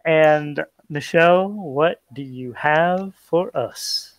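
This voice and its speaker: Male podcast co-host, slightly high voice, unhurried casual delivery, dry close sound. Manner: laid-back, chatty, with frequent restarts and plugs. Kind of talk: casual chat.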